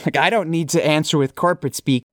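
A man's voice: on the high side, quick pace, no room sound, studio quality. A man co-hosting a casual chat, earnest and plain-spoken.

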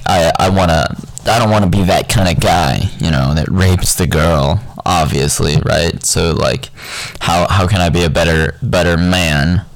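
A man's voice: low-pitched, gravelly, dry recording, poor audio. A young man talking in a rambling, profane, unfiltered casual monologue.

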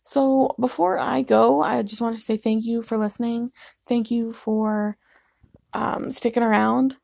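A woman's voice: a little high, fairly even intonation, a little slow, vocal fry, a little mellow, dry recording, clean studio sound. A young woman hosting a casual solo podcast from her living room late at night, sleepy and yawning, rambling and apologetic, laughing often. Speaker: podcast host.

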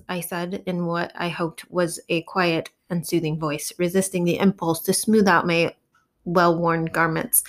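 A woman narrating a novel in the first person, reading in a measured, expressive way. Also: fairly low pitch. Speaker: audiobook narrator.

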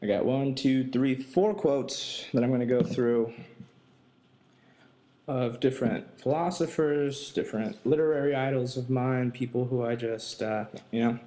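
A young man hosting a podcast, telling a casual, profane and animated story about his life and work. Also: mid-range voice. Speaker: podcast host.

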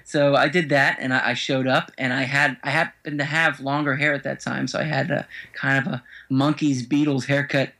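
Male actor guest, casual and talkative, quick to laugh. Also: mid-range voice, flat delivery, pushed and bright. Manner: chatty storyteller who laughs easily. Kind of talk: casual podcast interview.

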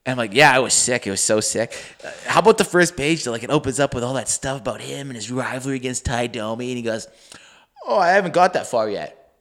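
A young man from Canada co-hosting a podcast, telling a story in a loose, swearing, animated way and acting out the voices of people he quotes. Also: mid-range voice, fast. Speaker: podcast co-host. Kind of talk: casual storytelling chat.

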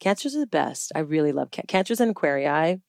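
A woman's voice: low-pitched, fast talker, gravelly, no echo, studio quality. A woman in her thirties, a guest chatting casually in an interview, full of "like" fillers and acting out the voices of others in her stories. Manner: chatty, many "like" fillers, acts out quotes in lively voices.

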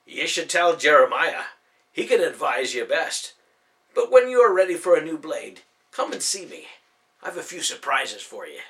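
A man's voice: a little high, sing-song, normal speed. Ben, a man doing a small earnest elf-like man. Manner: formal, warm old-fashioned speech.

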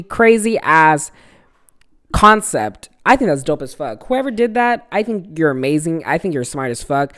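A young adult podcast co-host in a casual solo episode, rambling and swearing freely while telling a funny story. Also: mid-range voice. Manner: rambling, profane, laughing storyteller.

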